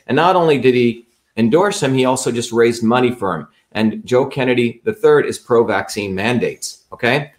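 A man of average pitch hosts a livestream and walks his viewers through a website. He talks emphatically and repeats his points. He keeps checking that the audience is following along. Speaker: livestream host.

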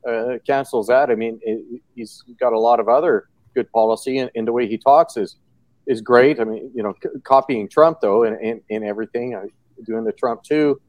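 A man's voice: mid-range voice, steady tone, moderate pace, a little mellow, no room sound. Sarcastic rambling man, dry sound. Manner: sarcastic, rambling with many fillers. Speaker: show host. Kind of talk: casual political chat.

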